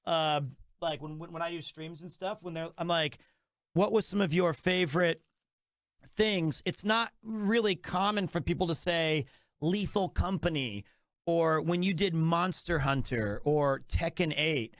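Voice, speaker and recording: A man chats to his stream with eager, rambling energy, circling back on his own phrases. His voice sits high. The sound is close and dry, with no room around it. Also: unhurried, a bit bright, no room sound. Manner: enthusiastic, rambling with restarts. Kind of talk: casual live-stream chat.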